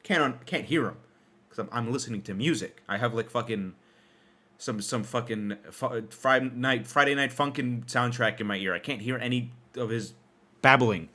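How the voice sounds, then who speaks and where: A young man from Canada hosting a podcast, telling a story in a casual monologue with lots of swearing, laughter and sudden jumps in pitch. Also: normal speed, sharp tone. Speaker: podcast host.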